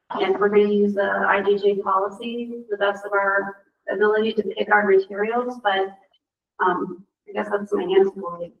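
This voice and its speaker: Woman librarian answering a committee, earnest, kind of rambly, far off mic, echoey dull room sound. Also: medium pitch. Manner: earnest, thinking aloud, with restarts and filler. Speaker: school librarian. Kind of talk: answering questions at a committee meeting. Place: school meeting room. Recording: roomy, dull, from a distant mic.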